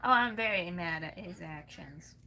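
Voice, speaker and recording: A woman's voice: on the low side, lively intonation, moderate pace, sharp tone. A woman with a Southern US accent venting angrily and bluntly to camera, swearing freely. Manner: profane, heated, blunt. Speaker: vlogger. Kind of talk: angry venting rant.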